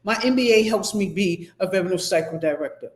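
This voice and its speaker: A woman's voice: mid-range voice, a little fast. A middle-aged woman instructor giving a motivational talk to her class, emphatic and rambling, often repeating herself. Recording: echoey room.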